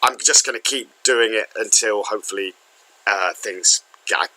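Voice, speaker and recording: A man's voice: lowish voice, moderate pace, sharp tone, poor audio. A man chatting casually to viewers at the end of a livestream, rambling and self-deprecating. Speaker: streamer.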